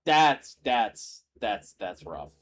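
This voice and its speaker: A man's voice: on the low side, sing-song, extremely slow, fairly bright tone. A young man hosting a gaming stream, chatting casually and greeting viewers as he plays. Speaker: streamer host.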